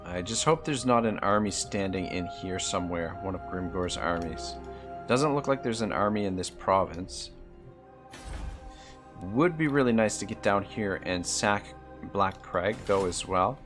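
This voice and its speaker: A man's voice: deep voice, animated, unhurried, fairly bright tone, faint music behind. A man with an East Coast Canadian accent giving live commentary on a game he is playing, thinking aloud about his moves and swearing when annoyed. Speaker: gaming live streamer.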